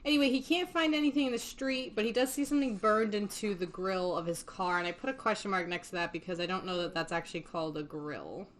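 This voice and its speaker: A woman's voice: mid-range voice, fast, few pauses, slight background noise. Chatty young woman recapping a film. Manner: chatty, laughs often, swears casually. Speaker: podcast host recapping a film. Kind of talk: casual chat.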